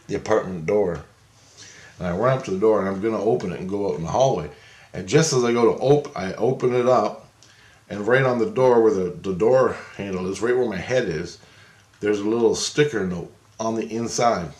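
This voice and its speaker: A man's voice: fairly low pitch, a little mellow, roomy sound. A man rambling through a personal story in a casual monologue, restarting and repeating himself. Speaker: vlogger.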